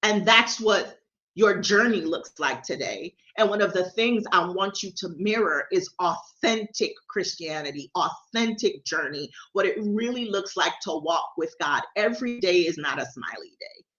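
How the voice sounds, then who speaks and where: A woman talks straight into her livestream camera in a loose, devotional chat. Her voice is bright and forceful, and she is candid, often tripping over and repeating her words. The sound is dull and lo-fi. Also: lowish voice, lively intonation, moderate pace. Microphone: camera or phone livestream.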